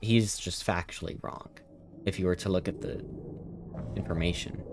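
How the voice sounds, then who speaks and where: Deep-voiced male streamer, chatty, talks back at the characters of a story game. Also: fairly even intonation, moderate pace, background noise. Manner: chatty, argues with the characters, reads dialogue aloud. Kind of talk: casual let's-play commentary.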